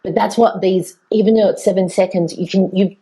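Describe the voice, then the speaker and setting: A woman's voice: mid-range voice, fairly even intonation, fairly quick, warm tone, poor audio. A woman hosting a casual interview, upbeat and playful.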